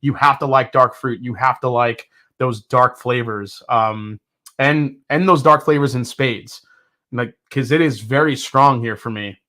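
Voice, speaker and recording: A man hosting a live whiskey tasting, talking in a rambling, excitable way with lots of fillers and restarts. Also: mid-range voice, measured pace. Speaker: whiskey reviewer, host. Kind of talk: casual live tasting review.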